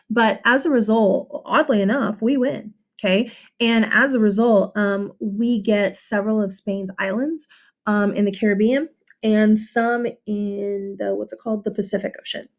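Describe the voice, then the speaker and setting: A woman teacher talks through a vocabulary worksheet with her students. Her delivery is loose and conversational, with plenty of fillers and quick check-ins. She sounds like she is recording a lesson for her class. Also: medium pitch. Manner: casual, chatty, with many fillers and tag questions.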